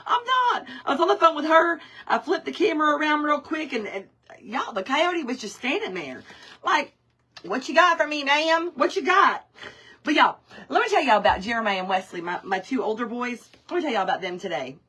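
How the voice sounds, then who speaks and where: A woman in her forties hosts a live crafting stream, chatting easily and calling out viewers by name. Her voice sits high and bright, with a husky, breathy grain. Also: expressive, a little fast. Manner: chatty, greets viewers by name, laughs often. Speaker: craft livestream host.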